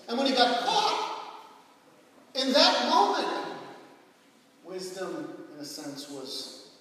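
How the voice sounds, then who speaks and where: A man preaching a sermon, telling stories and often asking "right?" of his listeners, with sudden loud outbursts. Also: very high-pitched. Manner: animated storytelling with sudden shouted quotes; frequent rhetorical "right?" checks. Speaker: pastor. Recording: echoey hall, voice from far off.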